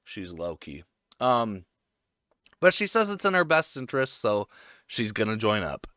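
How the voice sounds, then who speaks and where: A man's voice: on the low side, huge pitch swings, measured pace, pushed and bright, no room sound, studio quality. A young man giving a casual, crude, joking anime recap, with lots of fillers. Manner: crude, jokey, full of fillers.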